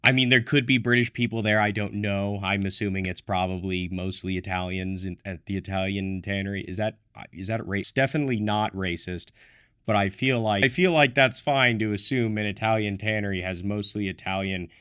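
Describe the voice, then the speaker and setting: A man with a fairly low voice talks through a product review from a script. He drops in wry, self-deprecating asides. The recording is dry and close, with no room sound. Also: steady tone, brisk, a bit bright, clean tone, dry recording. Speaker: menswear reviewer.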